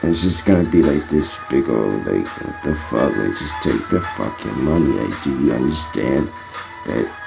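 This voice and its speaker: A man riffing a loose comic monologue in an empty closet, self-amused and breaking into loud laughing riffs. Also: very deep voice, animated, moderate pace, gravelly, music in the background.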